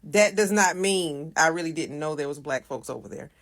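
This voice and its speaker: Low-voiced American woman explaining patiently. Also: moderate pace. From United States. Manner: explains patiently, repeats points, quotes sayings. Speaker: social media commenter. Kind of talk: casual explanatory monologue.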